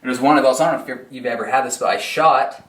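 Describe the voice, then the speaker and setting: A man's voice: mid-range voice, rapid-fire, fairly bright tone. Laid-back man telling hunting stories in a roomy space. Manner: laid-back storyteller, laughs often, fillers like "you know what I mean". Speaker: hunter being interviewed. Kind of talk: casual chat. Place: indoors in a room with mounted deer.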